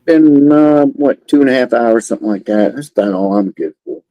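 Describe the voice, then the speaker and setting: A man guest in casual chat, easygoing and relaxed as he says his goodbyes. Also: medium pitch, a little fast, no echo, muffled recording.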